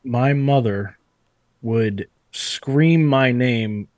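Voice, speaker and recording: A man in a casual chat, telling a relaxed story. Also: mid-range voice, extremely slow, dry recording.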